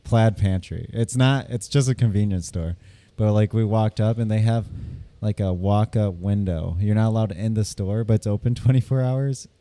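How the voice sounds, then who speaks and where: A man's voice: lowish voice, normal speed, hardly any pauses, warm tone. A man co-hosting a podcast, rambling through stories and laughing often. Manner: giggly, rambling storyteller. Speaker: podcast co-host. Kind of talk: casual chat.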